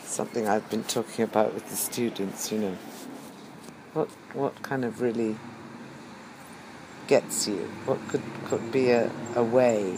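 A middle-aged man musing aloud in a slow, hesitant monologue with many pauses and ums. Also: on the low side, steady tone, gravelly, background noise. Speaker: teacher. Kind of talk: reflective spoken monologue.

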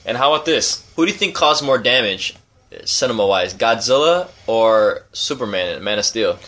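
A man's voice: mid-range voice, expressive, moderate pace, fairly bright tone. A man chatting as a guest on a casual podcast, musing in a loose, offhand way. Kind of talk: casual comedic chat.

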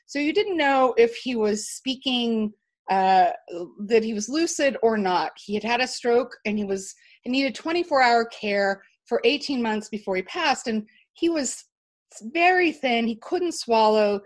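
A woman with a fairly high voice tells a long personal story in conversation. She is animated and emphatic, circles back with restarts and repeats, and presses hard on key points. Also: measured pace. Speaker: interview guest.

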